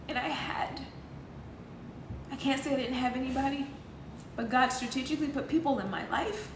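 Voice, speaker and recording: Woman life coach, fairly high voice, intense and heartfelt, roomy echo with background noise. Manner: earnest, intense, faith-filled, emotional. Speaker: healing coach. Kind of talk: emotional live talk to viewers. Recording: echoey room with noise.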